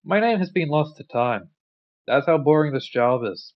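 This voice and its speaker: A man voicing a bored, sassy male doorman for the gods, talking in a weary, deadpan drawl. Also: fairly high pitch, normal speed, highs cut off, voice pushed up.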